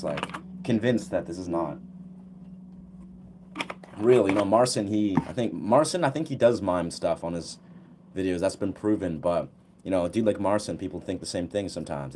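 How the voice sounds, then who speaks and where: Rambling relaxed young man, low voice. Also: fairly quick. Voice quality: relaxed, rambling, full of fillers. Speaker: livestream host. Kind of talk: casual chat answering viewers.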